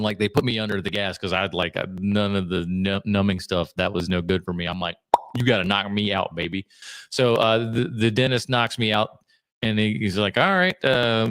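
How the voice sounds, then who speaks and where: A man's voice: lowish voice, a bit bright, clear, resonant tone, no echo, clean studio sound. A man hosting a podcast in casual chat, reacting to video clips with jokes and rambling stories. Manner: joking, riffing storyteller. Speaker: podcast host.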